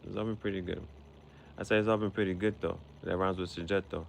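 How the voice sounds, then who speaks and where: A man's voice: low voice, steady tone, quick pace, vocal fry, slight background noise. A man hosting his own show, talking in a casual, rambling monologue that repeats itself and drops in foreign words. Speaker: podcast host.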